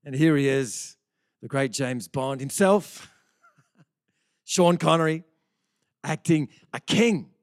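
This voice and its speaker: A man's voice: fairly high pitch, takes it slowly, pauses often, no echo, studio quality. A middle-aged male pastor giving a conversational sermon, often restarting phrases and asking rhetorical questions.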